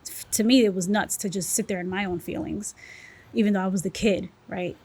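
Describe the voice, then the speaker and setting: Woman podcast guest, candid and emotional, personal testimony, animated storytelling. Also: mid-range voice, a little fast, slightly rough.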